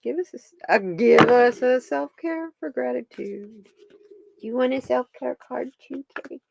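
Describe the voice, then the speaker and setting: A woman's voice: sits high, moderate pace, vocal fry, a little mellow, muffled recording. A woman hosting a live stream, chatting casually with viewers and her pets while she pulls stones and cards.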